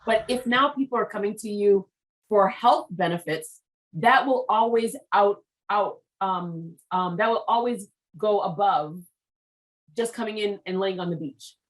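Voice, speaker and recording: A woman's voice: medium pitch, a little slow, poor audio. A Haitian American woman with an American accent, hosting an interview in an eager, gushing way, full of "like" and "I mean". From United States, Haitian American. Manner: enthusiastic, gushing, says "like" and "I mean" often. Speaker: podcast host. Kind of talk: casual interview chat.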